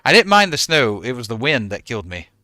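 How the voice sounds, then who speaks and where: A man's voice: medium pitch, very animated, brisk, sharp tone, no echo, clean studio sound. A man in his forties, a game streamer chatting casually with his viewers and answering them by name.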